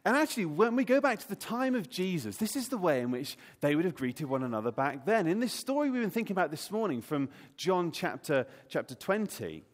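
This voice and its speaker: A man's voice: sits high, a little fast, hardly any pauses. A man leading an Easter all-age talk in church, playfully quizzing the congregation. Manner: lively and playful, quizzing the audience. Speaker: preacher. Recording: long hall reverb.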